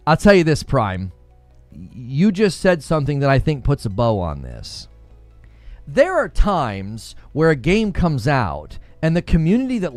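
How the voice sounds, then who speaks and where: A man's voice: fairly high pitch, a little mellow, dry recording. A man streaming live, chatting with viewers and laughing often as he acts out mock dialogue. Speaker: gaming streamer.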